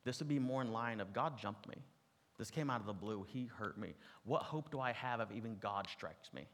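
A man's voice: fairly low pitch, lively intonation, normal speed, fairly bright tone. A man preaching a sermon to an audience, teaching in a conversational way with asides and touches of humor. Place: large room with an audience. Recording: long reverb from a large hall.

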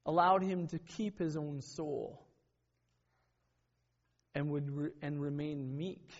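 A man's voice: a little high, slow pace, pauses often, a little mellow. A middle-aged man preaching a sermon in an earnest, conversational way, with personal stories and frequent self-corrections. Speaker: pastor. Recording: dull lo-fi sermon recording.

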